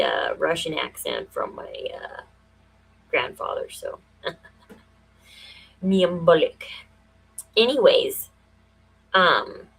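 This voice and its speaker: Husky woman rambling on a livestream. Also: medium pitch, poor audio. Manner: rambling, thinks aloud with many fillers; conspiratorial, builds to quick emphatic bursts. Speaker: livestream host. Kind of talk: casual livestream monologue.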